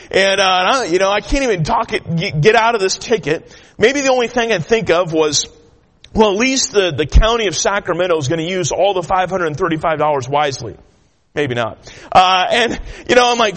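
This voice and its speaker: A man's voice: high-pitched, expressive, a little fast, fairly bright tone. A man preaching a sermon, telling a personal story in a folksy way with many filler sounds. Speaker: pastor. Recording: long hall reverb.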